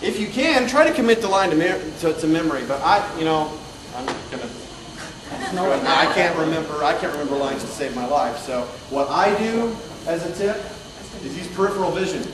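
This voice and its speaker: A man leads a convention dubbing panel in a casual, joking way. His voice sits a little high and comes from a distance. The big echoey room carries the audience's noise. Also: animated, brisk, crowd noise. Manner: joking, chatty, directs volunteers. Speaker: voice actor leading a dubbing panel. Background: audience murmur and laughter.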